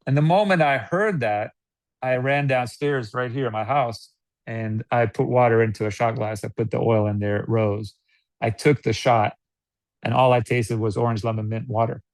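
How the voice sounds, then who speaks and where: An American man giving casual sales coaching, animated, laughing often and acting out customer dialogues. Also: medium pitch, moderate pace, no echo. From United States. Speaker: network marketing guest.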